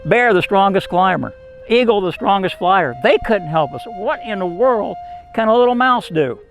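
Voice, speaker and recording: Man voicing anxious villagers, fretful, raised pitch, faint music behind. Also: lively intonation, brisk, close to an everyday voice. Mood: incredulous.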